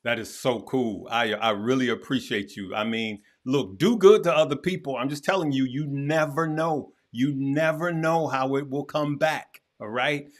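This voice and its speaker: A man's voice: mid-range voice, normal speed, hardly any pauses. A man hosting a livestream in casual chat, talking emphatically and repeating himself, with heartfelt, preacher-like encouragement. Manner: emphatic and repetitive, with frequent restarts. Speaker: host.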